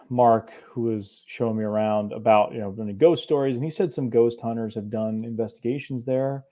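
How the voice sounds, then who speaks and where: A man's voice: fairly low pitch, mellow. A young man from northern Appalachia, co-hosting a casual chat in a laid-back, rambling way with frequent chuckles. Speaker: co-host of a cryptid show.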